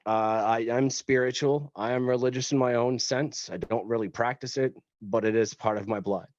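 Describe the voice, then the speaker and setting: A man's voice: mid-range voice, steady tone, normal speed, darkish tone. A man from West Tennessee, a podcast guest, telling a story in a rambling, joking way and swearing casually. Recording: dull lo-fi podcast audio.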